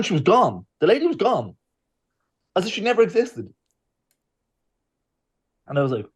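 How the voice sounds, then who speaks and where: A man's voice: sits high, moderate pace, long pauses, breathy edge. A man, a podcast co-host telling a story in casual chat and acting out the lines of the people in it. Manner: lively storyteller, acts out quotes.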